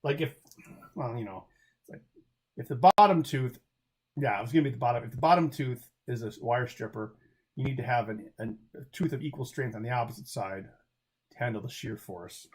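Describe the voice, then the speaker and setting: A man's voice: mid-range voice, brisk, long pauses. A man hosting a livestream in casual chat, rambling with frequent restarts and chuckles, speaking into a desk mic. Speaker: livestream host.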